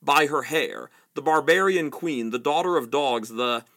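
A man's voice: a little high, lively intonation, normal speed, bright, forceful tone. A man voicing an arrogant, furious young prince who shrieks and rants while reading a novel aloud. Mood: raging. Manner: shrieking, ranting.

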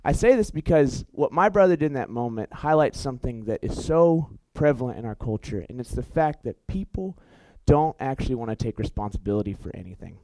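A young man giving a storytelling sermon in an animated, chatty way, full of fillers and self-corrections. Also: medium pitch, fairly quick, few pauses, dry recording, rough recording. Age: young adult. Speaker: youth preacher.

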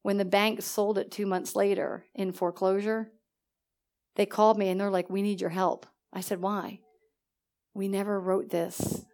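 A woman's voice: medium pitch, normal speed. A woman minister telling a personal testimony in church, storytelling with acted-out dialogue and frequent laughter. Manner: lively storytelling, acts out dialogue, laughs often. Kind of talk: testimony sermon.

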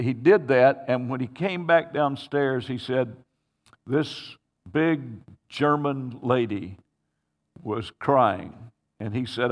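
Man preaching in a reverberant church. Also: medium pitch. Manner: storytelling with halting restarts. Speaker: pastor. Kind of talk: sermon. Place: church sanctuary. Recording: long hall reverb.

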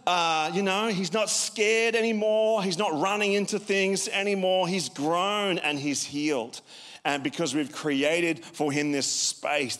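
A man preaching a sermon as pastor, in a relaxed, conversational way, often asking the congregation questions. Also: fairly high pitch. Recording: long hall reverb.

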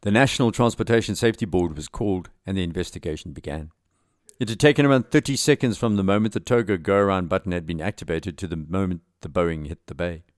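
A man, himself a pilot, narrating an air crash story in measured documentary style with lively emphasis. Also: low voice, no echo, studio quality.

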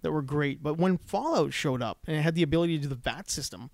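A man's voice: a little high, fast talker, vocal fry, no echo, clean studio sound. A man co-hosting a casual podcast chat, swearing freely and acting out stories in other people's voices. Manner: swearing, animated storytelling. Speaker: podcast co-host.

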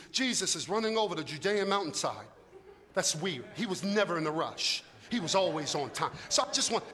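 A middle-aged man preaches with humor and loose, conversational energy, breaking into shouts for emphasis. His voice is very high and bright. A long echo of a large church hall trails each phrase. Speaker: pastor. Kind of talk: sermon.

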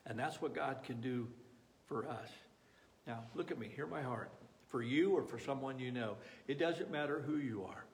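A man's voice: medium pitch, normal speed. A man preaching a sermon as a pastor, talking in an earnest, pleading way with frequent restarts.

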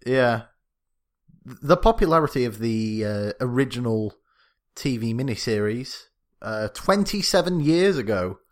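A man's voice: medium pitch, animated, unhurried. A man with a British accent co-hosting a casual film review podcast, joking around and stumbling over names. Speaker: podcast co-host.

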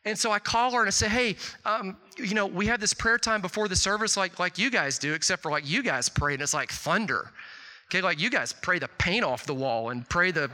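Give me a middle-aged male pastor delivering a sermon in a big hall, with the reverb trailing after his words. His voice is very bright and a bit higher than most men's. He tells stories in an animated way and throws in a loud, high-pitched voice whenever he quotes someone. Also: a little fast.

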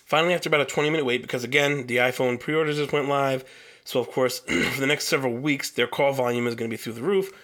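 A man's voice: medium pitch, steady tone, fast, a bit bright. A young man hosting a solo podcast, telling a long story in a heated, profane rant. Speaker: podcast host.

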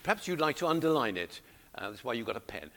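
A man's voice: mid-range voice, very animated, quick pace, fairly bright tone. A man preaching a sermon, coaxing his congregation to read along with him. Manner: exhorting, coaxing the congregation to join in.

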